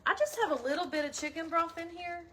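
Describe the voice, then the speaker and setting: A woman's voice: very high voice, fast talker. A middle-aged woman, chatting folksily to viewers while cooking in her home kitchen. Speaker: cooking vlogger. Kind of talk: casual cooking livestream chat. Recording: audible background noise.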